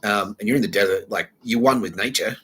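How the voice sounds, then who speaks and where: A young man rambles through a solo podcast episode, loose and slangy, with swearing and laughs in his talk. His voice sits a little low but sounds bright and forward. A faint hum of room noise sits under it. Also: quick pace. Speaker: podcast host.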